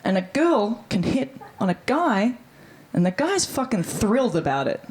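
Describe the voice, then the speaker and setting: A woman's voice: fairly high pitch, moderate pace, a little hiss or hum, low-quality recording. Brash Australian woman doing stand-up. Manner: brash, animated, swears freely. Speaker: stand-up comedian. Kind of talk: stand-up comedy. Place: live comedy stage.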